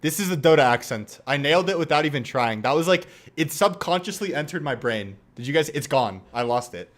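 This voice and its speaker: Animated man streaming casually. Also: on the high side, brisk. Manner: animated, joking, reacts to clips. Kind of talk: casual livestream chat.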